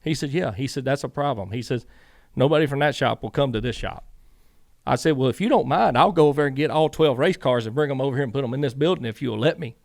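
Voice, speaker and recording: Gravelly man telling racing stories. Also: mid-range voice, fast talker. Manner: animated storyteller, acts out quoted dialogue. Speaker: podcast guest, former crew chief. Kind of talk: casual storytelling interview.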